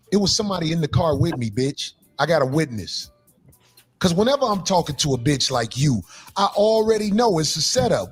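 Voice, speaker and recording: A man ranting loudly and profanely in a sing-song way, talking with his podcast co-hosts. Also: high voice, big pitch swings, fairly quick, breathy edge, soft background music. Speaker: comedian. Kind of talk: angry rant.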